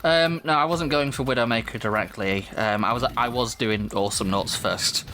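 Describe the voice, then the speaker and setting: A man's voice: mid-range voice, normal speed, bright, forceful tone, faint music behind. Chatty Mancunian man gaming. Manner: chatty, laughs often. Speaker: let's play host. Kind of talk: casual gameplay commentary.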